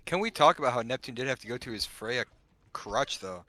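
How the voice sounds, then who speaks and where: Fast, bright-voiced male esports caster. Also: mid-range voice. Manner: rapid, animated, talks to the chat. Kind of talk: live esports analysis.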